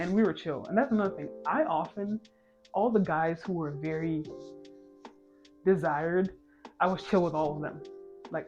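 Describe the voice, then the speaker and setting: A woman in her twenties telling a personal story to camera in a casual vlog, chatty with quick self-mocking asides. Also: on the low side, a little mellow, muffled recording. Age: 20s. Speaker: storytime vlogger.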